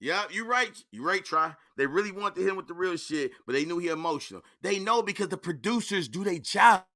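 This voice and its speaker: A man's voice: high voice, lively intonation, brisk, bright, forceful tone, no echo. A man hosting a reaction show, giving blunt, mocking and heated commentary full of swearing. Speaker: reaction channel host.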